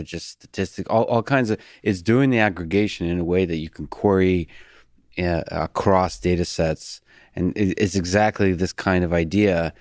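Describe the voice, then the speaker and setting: A man hosting a podcast, asking measured, halting questions. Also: sits low, no room sound, studio quality. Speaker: podcast host. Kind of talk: podcast interview.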